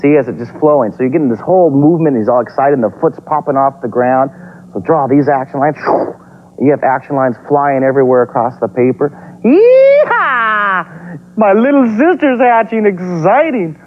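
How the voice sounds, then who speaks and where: A man's voice: medium pitch, fast talker, slight background noise. A man hosting a TV drawing lesson for children, talking upbeat and encouraging as he sketches step by step. Heard from a dull, lo-fi copy of a TV broadcast. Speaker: TV drawing teacher and host.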